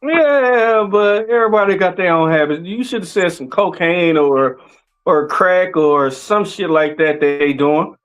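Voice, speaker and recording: A man's voice: sits high, unhurried, clean tone. A man co-hosting a wrestling talk show, trading laid-back, laughing banter. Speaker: podcast co-host. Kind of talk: casual wrestling chat.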